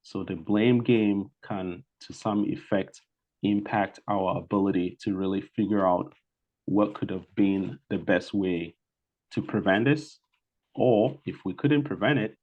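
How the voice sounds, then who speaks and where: A man with a Ghanaian accent gives a presentation over a video call. His voice sits very low. He talks with frequent fillers and restarts, and the call audio sounds muffled and dull. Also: a little slow. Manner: hesitant, many fillers and restarts. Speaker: guest speaker. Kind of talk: online presentation.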